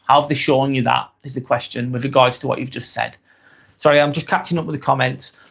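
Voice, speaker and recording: A man's voice: medium pitch, fairly even intonation, a little fast, vocal fry, a bit bright, slightly rough. A British man hosting a live vlog, chatting casually and reading out viewer comments, rambling onto tangents and swearing freely. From Britain.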